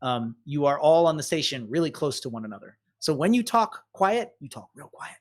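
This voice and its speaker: Lively tabletop game master narrating. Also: medium pitch, fairly quick.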